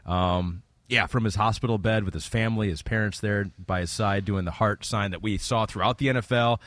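Sports show host, lowish voice, rambles a bit, dry studio sound. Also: male voice, fairly even intonation, brisk, a bit bright, no echo. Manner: steering the segment, rambly. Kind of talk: casual sports talk.

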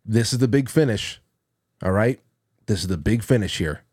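A man's voice: on the low side, animated, normal speed. A man hosting a radio show, casually reminiscing in a rambling, amused storytelling manner with frequent restarts, close to a studio mic.

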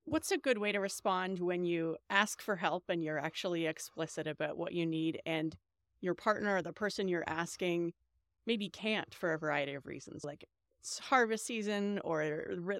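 A woman's voice: on the low side, moderate pace, fairly bright tone, no echo, studio quality. A woman hosting a podcast who asks thoughtful, searching questions, with light laughter between them. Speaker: podcast host. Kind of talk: interview questions.

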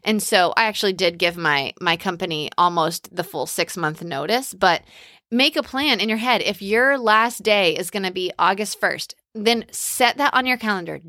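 A middle-aged woman talks through business advice in a relaxed, conversational way and keeps turning to her listeners to encourage them. Her voice is bright and clear, and the recording sounds close and dry. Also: medium pitch, no room sound. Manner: encouraging, conversational, addresses listeners as "you guys". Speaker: podcast host. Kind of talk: casual business advice talk.

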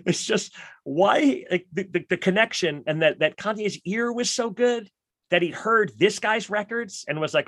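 A man hosts a casual podcast chat about records, his voice sitting a little high for a man. He talks with enthusiasm and keeps acting out what people said. The sound is dry and close, with almost no room. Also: a little slow, dry recording. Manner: enthusiastic, animated storytelling with quoted asides. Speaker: podcast host.

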